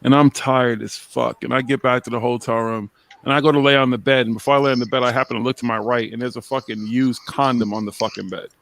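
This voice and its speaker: A man telling an animated story in casual chat, swearing often. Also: mid-range voice, fast, vocal fry.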